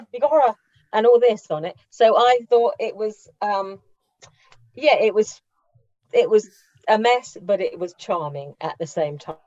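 A chatty woman gives her film review in relaxed talk and laughs easily. Her voice sits in a middle pitch. The recording is dry and a little dull, like a lo-fi studio line. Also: dry recording. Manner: chatty, laughs often, restarts. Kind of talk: casual radio review chat.

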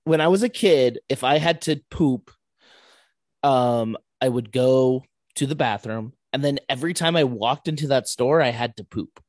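Halting, self-mocking young man. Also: mid-range voice, dry recording, studio quality. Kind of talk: casual chat.

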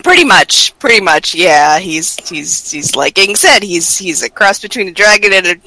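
A man's voice: high voice, normal speed, pushed and bright, dry recording, rough recording. An American man co-hosting a casual chat, joking and laughing often. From United States. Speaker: podcast co-host.

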